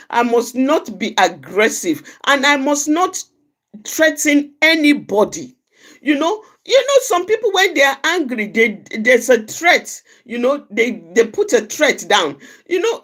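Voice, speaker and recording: A woman's voice: fairly high pitch, fairly bright tone. A woman giving an earnest, reflective talk for an outreach program, often repeating phrases for emphasis. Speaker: outreach speaker. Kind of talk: personal reflective talk on anger.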